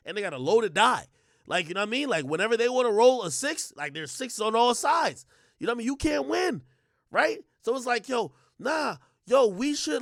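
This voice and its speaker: A man's voice: high-pitched, dry recording, clean studio sound. A man hosting a livestream, ranting in a heated, profane way and stumbling over filler words and restarts. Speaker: livestream host.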